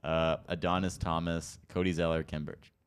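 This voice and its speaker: Young male co-host, very deep and smooth, brisk jokey delivery. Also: little pitch movement. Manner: brisk, reads out lists, jokey. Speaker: podcast co-host. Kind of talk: casual sports chat.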